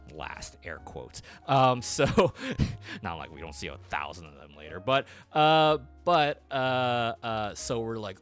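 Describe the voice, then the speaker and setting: A man with a fairly low voice retells a story in a loose, rambling way, full of ums and restarts. He dips into quick quoted voices for the characters. Faint music plays under him. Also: a bit bright. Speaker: streamer. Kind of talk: casual recap while drawing.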